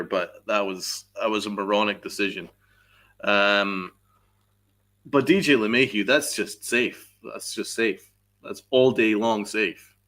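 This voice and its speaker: A man's voice: fairly low pitch, a bit bright. A man hosting a live sports podcast, venting angrily with heavy swearing and reacting to chat messages. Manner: angry, profane, venting; reads chat messages aloud. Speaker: podcast host. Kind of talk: live-stream sports rant.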